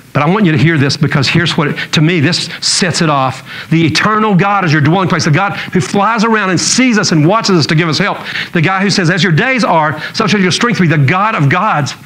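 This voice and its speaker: A man's voice: high voice, a bit bright, rough recording. Jokey storytelling pastor, man. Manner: storytelling, jokey, acts out quotes. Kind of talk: sermon. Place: church.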